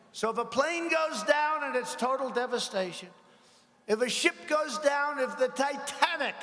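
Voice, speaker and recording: A man's voice: extremely high pitch, fairly bright tone. A man giving a rambling campaign rally speech to a crowd in a large arena, mocking his rivals and asking the crowd for agreement. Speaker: politician at a rally. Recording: echoing hall with faint crowd noise.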